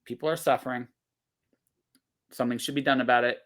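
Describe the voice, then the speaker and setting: A man's voice: medium pitch, steady tone, fairly quick, fairly bright tone. Blunt, emphatic man in his forties. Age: 40s. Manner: emphatic and blunt, swears freely, frequent self-interruptions. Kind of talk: casual podcast conversation.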